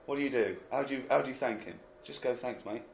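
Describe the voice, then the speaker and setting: A man's voice: mid-range voice, fast, creaky, reverberant, a little hiss or hum. A man hosting a comic podcast, joking, laughing a lot and slipping into mock voices. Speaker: podcast host.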